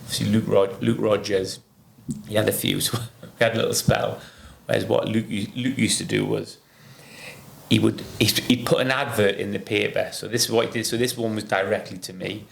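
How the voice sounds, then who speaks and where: Gravelly, animated man hosting a podcast. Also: a little fast. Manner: animated storyteller, pitch jumps high when excited. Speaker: podcast host. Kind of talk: casual chat.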